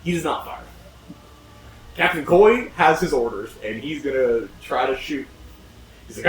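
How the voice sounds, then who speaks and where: Lively, swearing man running a tabletop game. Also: mid-range voice, measured pace, pauses often. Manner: casual, swearing, laughing often. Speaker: game master. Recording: roomy echo, distant mic, faint noise.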